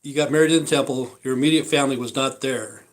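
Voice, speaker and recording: A vlogger chats on a live stream from home while eating, rambling from one thought to the next with plenty of "you know," "uh" and asides. His middle-pitched voice is fairly even in intonation and quick, and the audio quality is poor.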